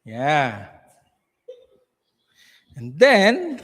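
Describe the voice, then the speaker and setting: A man's voice: mid-range voice, huge pitch swings, slow, pauses often, fairly bright tone. A man narrating a live church skit and coaching volunteers on stage, with a frequent "okay". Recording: echoey hall reverb.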